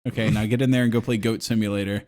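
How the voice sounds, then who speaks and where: A man's voice: on the low side, very fast. A man co-hosting a casual podcast, telling stories about his kids with frequent laughter and casual cursing. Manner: animated storyteller who laughs often and acts out quotes; curses casually. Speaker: podcast co-host; father.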